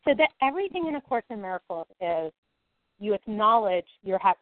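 A woman leads a spiritual group call, teaching casually and animatedly acting out inner monologues. Her voice is medium in pitch and a little fast, with no echo but a tinny phone-line quality.

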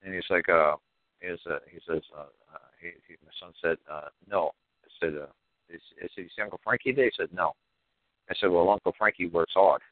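A low-voiced man rattles along quickly, blunt and profane, leaning on "you know". His voice is dry and tinny, like a phone line. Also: no room sound. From New York. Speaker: podcast guest. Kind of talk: casual storytelling.

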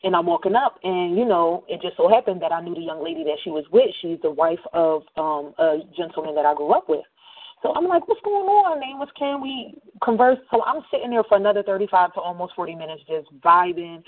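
Casting: chatty radio host woman, slangy storyteller, thin phone-like audio. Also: medium pitch. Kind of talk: casual monologue. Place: New Jersey.

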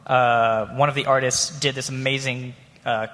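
A man's voice: medium pitch, level tone, normal speed, sharp tone. A man on a convention panel, telling a story in a self-deprecating way and laughing often. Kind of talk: panel discussion. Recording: long hall reverb.

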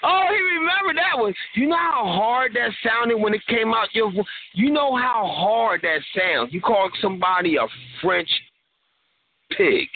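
A radio show co-host with a high voice jokes and rambles over a tinny phone line with faint noise, laughing often. His intonation is lively and his pace unhurried in this casual call-in banter.

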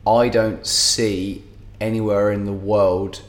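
A man's voice: lowish voice, level tone, slow pace, roomy sound. A man with an English accent, a guest musician in a casual podcast chat, talking animatedly and swearing freely.

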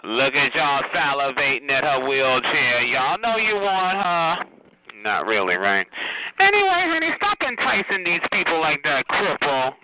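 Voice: mid-range voice, big pitch swings, measured pace. A chat line caller roasting another caller in a mocking, taunting way, laughing often and drawling endearments. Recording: tinny phone line with loud hiss.

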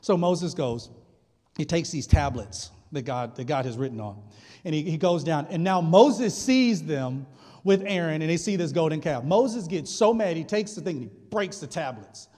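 A man's voice: on the high side, lively intonation, moderate pace, dark tone. A male pastor preaching a sermon, retelling scripture in a casual, humorous way. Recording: long hall reverb.

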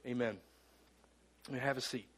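A man preaching a sermon as the pastor of a church, earnest, with dramatic pauses and slowed words for emphasis. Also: fairly high pitch. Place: church sanctuary.

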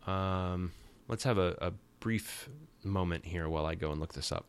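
A man's voice: low-pitched, moderate pace. A man hosting a podcast, giving a casual comic recap with rambling, wry and sarcastic asides. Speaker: podcast host.

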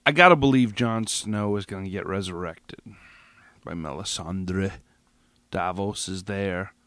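A man's voice: sits low, unhurried, fairly bright tone, no room sound. A man hosting a podcast, reacting alone to a TV finale in an agitated, profane, rambling way with many restarts, a little tipsy. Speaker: podcast host. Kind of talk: solo episode reaction rant.

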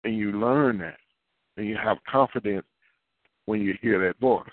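A man's voice: fairly low pitch, measured pace, no echo. A man preaching a sermon in a conversational, repetitive style with folksy asides. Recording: dry, phone-like narrow sound.

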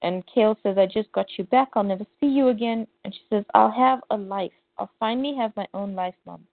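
A woman's voice: mid-range voice, a little fast, vocal fry, no echo. A woman co-hosting a podcast, animatedly retelling a comic's plot and reading the characters' lines aloud. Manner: animated retelling with quoted voices. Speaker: podcast co-host. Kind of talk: casual comic recap, reading dialogue aloud. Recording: tinny phone-like dry audio.

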